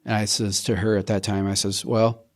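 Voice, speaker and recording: A middle-aged man tells his story in a relaxed interview. His voice sits a little low, and he talks in bursts, restarting sentences and acting out what he and others said. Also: normal speed. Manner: animated, acts out his own quotes, frequent restarts. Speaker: program member telling his story.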